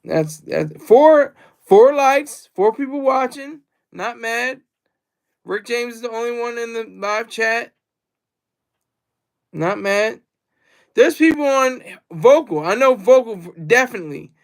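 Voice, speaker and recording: A man's voice: extremely high pitch, lively intonation, slow pace. A man rambling through a casual livestream monologue, repeating himself and reading out the chat. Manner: rambling and repetitive, reads chat aloud.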